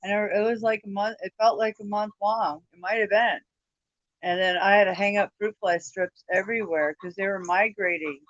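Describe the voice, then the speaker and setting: A woman's voice: mid-range voice, steady tone, normal speed, no room sound, highs cut off. Tired, cussing woman hosting a livestream. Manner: tired, swears often, laughs easily. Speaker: livestream host. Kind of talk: casual livestream chat.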